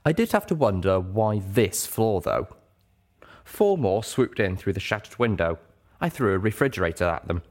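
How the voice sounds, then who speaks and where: A man narrating a story aloud as an audiobook reader, with an expressive, dramatic delivery. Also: lowish voice, normal speed. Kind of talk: scripted narration.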